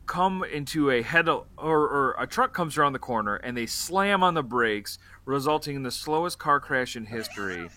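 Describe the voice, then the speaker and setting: A man's voice: mid-range voice, expressive, normal speed, hardly any pauses, pushed and bright, dry recording. A man co-hosting a casual movie-review chat, recapping the plot in a rambling way with fillers and the odd swear. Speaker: podcast co-host.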